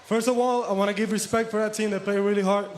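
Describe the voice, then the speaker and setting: A man from Puerto Rico with a high voice, giving short, humble answers after a game. He sounds a little off-mic in an echoey arena, with faint background noise. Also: fairly even intonation, quick pace. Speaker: basketball player. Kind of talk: post-game interview. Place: indoor basketball arena.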